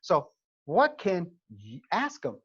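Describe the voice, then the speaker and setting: Animated middle-aged New man on a call. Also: sits high, slow, breathy edge. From New York. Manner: animated storyteller, frequent "okay?" check-ins. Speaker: Army recruiting advisor, former first sergeant. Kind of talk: conversational seminar talk. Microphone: video call. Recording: lo-fi video call audio.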